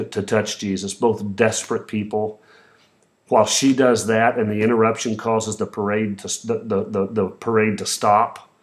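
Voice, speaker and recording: A man preaching a sermon, retelling the story in his own words with voiced quotes and a few restarts. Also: fairly low pitch. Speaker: pastor.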